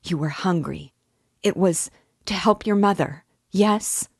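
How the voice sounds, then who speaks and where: A woman's voice: deep voice, fairly even intonation, slow, a little mellow, slightly rough, dry recording, clean studio sound, heavily acted. A woman reading aloud and voicing a desperate, tender young woman who pleads and cries out. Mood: anguished pleading. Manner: pleading, tearful, rising to cries.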